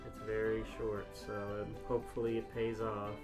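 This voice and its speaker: A man co-hosting a comedy podcast, reading fan fiction aloud with mock drama and bursts of shouting. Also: fairly low pitch, completely flat delivery, moderate pace, music in the background. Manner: reads aloud with sudden loud shouted quotes and laughs.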